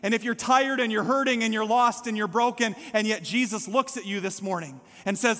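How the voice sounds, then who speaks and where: Male pastor, high tenor, passionate sermon delivery, long reverb of a church sanctuary. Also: fairly quick, hardly any pauses, pushed and bright. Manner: impassioned, builds to calls for response.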